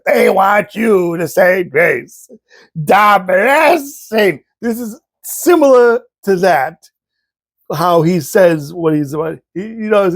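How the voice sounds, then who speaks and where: A man's voice: fairly high pitch, gravelly, darkish tone, dry recording. A man hosting a casual show, telling funny family stories and laughing often as he talks. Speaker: podcast host. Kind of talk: casual storytelling.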